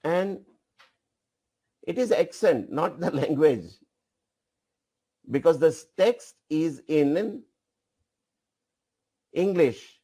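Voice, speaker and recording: A man giving a live software demonstration as trainer, repeating phrases and directing an assistant at the controls. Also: fairly high pitch, expressive, very slow, pauses often, breathy edge.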